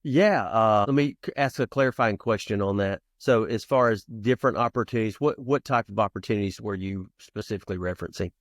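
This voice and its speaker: A man's voice: on the low side, fairly quick, hardly any pauses, dry recording, clean studio sound. A man in his fifties, a podcast guest telling personal stories in an earnest, conversational way and acting out scenes from his childhood. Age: 50s. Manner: lively storyteller who acts out childhood scenes; earnest, talks in restarts and asides. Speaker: podcast guest, founder and youth coach. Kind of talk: conversational storytelling interview.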